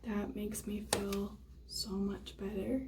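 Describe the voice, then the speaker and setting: Young woman whispering into her vlog, slow and a bit gravelly. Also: medium pitch, flat delivery, very noisy. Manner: soft, half-whispered, hushed delivery. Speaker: vlogger. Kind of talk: casual vlog talk to camera.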